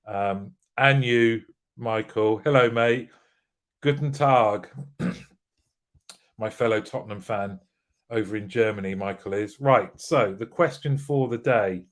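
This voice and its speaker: A British livestream host with a lowish voice speaks slowly on a casual live show. He greets viewers by name and jokes while reading their comments.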